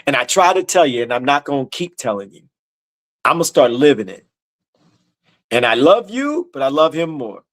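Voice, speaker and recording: A man leading an informal Bible study, blunt and emphatic, repeating his points in casual slang and reading scripture aloud slowly. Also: medium pitch, big pitch swings, fairly bright tone. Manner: reads scripture slowly in a raised, declaiming voice.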